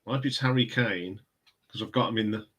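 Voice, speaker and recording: A man's voice: lowish voice, brisk, a bit bright, husky. A man in casual, rambling chat, hosting a live stream from home. He answers viewer comments as they come in, chuckling often. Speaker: live stream host reviewing records.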